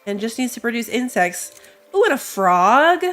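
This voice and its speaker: A woman's voice: on the high side, big pitch swings, normal speed, fairly bright tone. A woman with a stuffy nose from allergies gives casual let's-play commentary. She thinks aloud as she plays, reads game text, and laughs at herself. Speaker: gamer. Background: game music.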